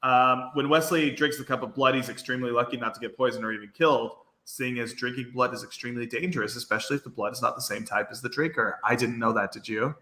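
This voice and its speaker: A man's voice: mid-range voice, quick pace, few pauses, pushed and bright, reverberant. A man with a faint Brooklyn accent, co-hosting a podcast and recapping an episode in a rambling, filler-heavy casual chat. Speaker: podcast co-host.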